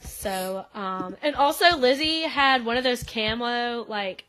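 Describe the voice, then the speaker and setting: A young woman with a slightly high voice chats through a show recap as a podcast co-host. She laughs often and fills her sentences with "like.". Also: slow pace, fairly bright tone, a little hiss or hum. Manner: chatty, laughing, frequent "like" fillers. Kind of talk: casual recap chat.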